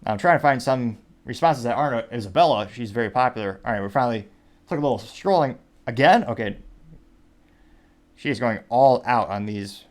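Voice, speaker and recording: A man's voice: mid-range voice, expressive, fairly quick. A man hosting his own commentary show, reading social media posts aloud in a wry, rambling way with asides. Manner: wry, rambling, reads quotes aloud with "quote, unquote". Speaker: show host.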